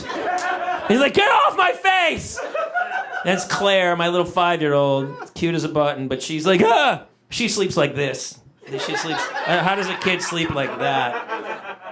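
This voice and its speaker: A middle-aged man performing stand-up comedy on stage, telling stories in an animated, exaggerated way with shouted punchlines and laughter from the audience. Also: high-pitched, background noise.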